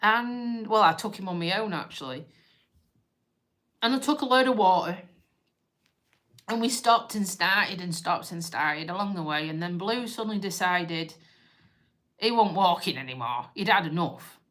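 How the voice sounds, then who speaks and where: A woman's voice: lowish voice, lively intonation, moderate pace, long pauses, a bit bright. A woman hosting a live stream, talking casually and emotionally, tearful and rambling as she interrupts herself. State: crying on and off.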